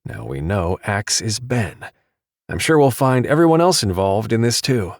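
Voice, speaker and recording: A man playing a wry, weary injured man in an audiobook, close to the narrator's own low voice, dry and close-miked. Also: sing-song, moderate pace, a little mellow, dry recording. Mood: earnest. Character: injured adult male, wry and sharp.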